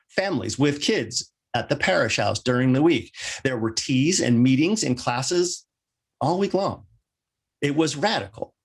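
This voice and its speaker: A male minister delivering a sermon, with wry joking asides and lively rising emphasis. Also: mid-range voice, slightly rough.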